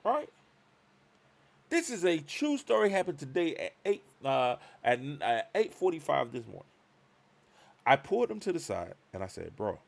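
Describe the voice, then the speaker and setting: Animated man telling a story on a live stream. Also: a little high, moderate pace, vocal fry, pauses often. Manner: animated, acts out both sides of conversations. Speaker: show host.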